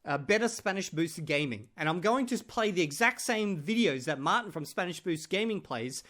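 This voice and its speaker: Speaking at a normal speed, this man has a high, animated, slightly bright voice. He's a language-learning vlogger chatting to camera in a joking way and addressing his audience as "guys."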